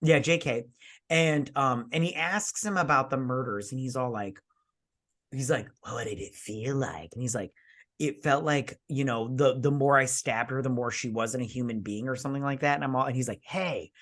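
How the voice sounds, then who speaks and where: A man's voice: mid-range voice, moderate pace, a bit bright. A young man co-hosting a casual movie-review chat while drinking, telling a rambling story full of swearing and mimicked voices. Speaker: podcast co-host.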